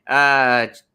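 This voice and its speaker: A man hosting a casual chat show, playful and quick to laugh. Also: medium pitch, pushed and bright, smooth. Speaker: host.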